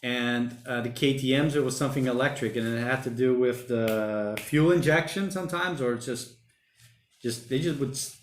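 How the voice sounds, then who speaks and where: A man's voice: mid-range voice, normal speed, a little hiss or hum. Chatty man in an echoey room. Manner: rambling, chatty, uses slang like mate and bloody. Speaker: livestream host. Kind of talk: casual livestream chat reading viewer comments. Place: home during lockdown.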